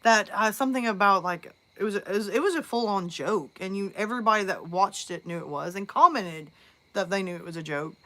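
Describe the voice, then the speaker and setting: Bright-voiced woman chatting on a live stream. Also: mid-range voice, a little fast. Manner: rambling, chatty storytelling with restarts. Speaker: horror narrator and live streamer. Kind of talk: casual live-stream chat.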